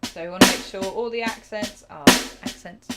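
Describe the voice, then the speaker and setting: A woman teaching a live drum lesson, chatty and self-deprecating, counting beats out loud. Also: mid-range voice, moderate pace, loud music behind the voice. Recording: drum kit playing loudly behind.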